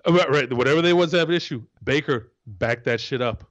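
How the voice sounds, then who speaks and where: A man's voice: mid-range voice, fairly quick, a bit bright, highs cut off. A man who once played pro football, co-hosting a casual sports talk show in an emphatic, profane way. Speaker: co-host, former football player.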